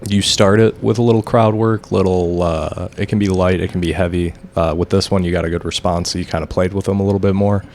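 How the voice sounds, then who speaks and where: A man's voice: sits low, steady tone, fairly quick, few pauses, a little mellow, a little hiss or hum. A man hosting a casual chat, giving a comedian encouraging feedback and advice. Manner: encouraging, coaching. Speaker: host.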